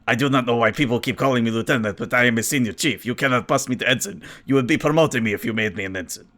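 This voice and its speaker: Gruff pedantic alien engineer, combative and fussy, played by a man in a tabletop game. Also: mid-range voice, racing, fairly bright tone, close to an everyday voice.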